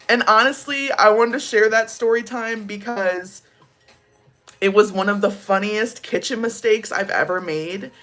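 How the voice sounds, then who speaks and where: A woman's voice: mid-range voice, unhurried, fairly bright tone. A young woman vlogger telling a casual storytime, rambling with lots of "like" fillers and laughing as she goes.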